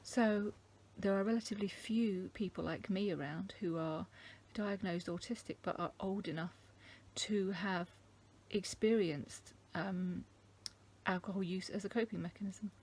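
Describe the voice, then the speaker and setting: A middle-aged woman from England talking casually to camera, thoughtful and halting, with many ums. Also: mid-range voice, fairly even intonation, a little mellow, breathy edge. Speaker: vlogger. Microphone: camera mic.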